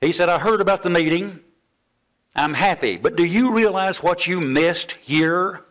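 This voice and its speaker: A man's voice: high-pitched, a little slow. An older man preaching a sermon, telling a story from his student days and acting out the voices of the people in it. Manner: animated storytelling, acts out quoted voices. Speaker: pastor.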